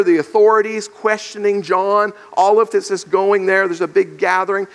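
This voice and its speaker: Recorded with long large-hall reverb, a man preaches an expository sermon, going verse by verse and performing the questions of the scripture's characters. His voice is high and fairly bright.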